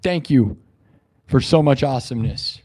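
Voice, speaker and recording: A male live streamer giving a boastful, repetitive pep talk to his chat. He swings between loud declarations and quiet musing. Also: medium pitch, lively intonation, normal speed. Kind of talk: livestream sign-off pep talk.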